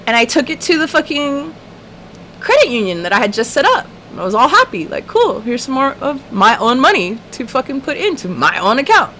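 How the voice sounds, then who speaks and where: Animated, foul-mouthed woman ranting. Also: sits high, fairly quick, a little hiss or hum. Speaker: livestream host. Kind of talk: casual livestream storytelling.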